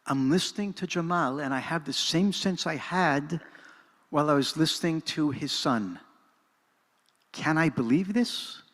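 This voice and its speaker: A man's voice: a little high, a little slow, fairly bright tone. An older man giving an earnest, dramatic personal storytelling talk in a synagogue hall, moving between narration and reflection. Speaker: speaker at a presentation. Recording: reverberant hall.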